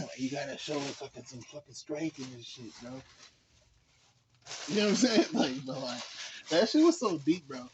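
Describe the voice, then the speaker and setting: A man's voice: medium pitch, very animated, moderate pace, long pauses, background noise. A man giving a casual movie review, laid-back and slangy, rambling with lots of fillers and laughs. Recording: dull lo-fi recording.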